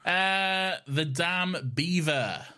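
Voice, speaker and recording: A man's voice: high-pitched, drawn-out words, pushed and bright. A young man co-hosting a podcast in casual chat, giggly and rambling as he reads listener emails. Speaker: podcast co-host.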